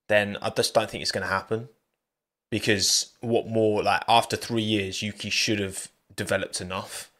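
Chatty man hosting a race podcast. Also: on the low side. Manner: chatty, jokey, thanks listeners by name. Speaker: podcast host. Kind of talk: solo post-race chat.

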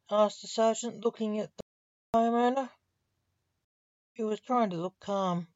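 A woman reads a short story aloud at a slow, deliberate pace. Her voice sits at a middle pitch. The sound is dry and dull, a lo-fi recording. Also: steady tone, a little mellow, dry recording. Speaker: narrator.

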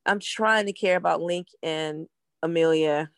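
A woman in a casual TV recap chat, blunt and swearing, giving her opinions quickly. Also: on the low side, smooth, no echo, studio quality. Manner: blunt, fast-talking, swearing.

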